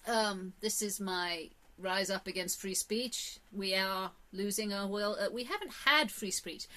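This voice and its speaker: A woman's voice: medium pitch, unhurried, sharp tone. A woman from England with an English accent, talking casually in a rambling, opinionated monologue full of fillers and emphatic bursts. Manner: chatty, rambling, with many fillers and sudden emphatic rises. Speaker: vlogger.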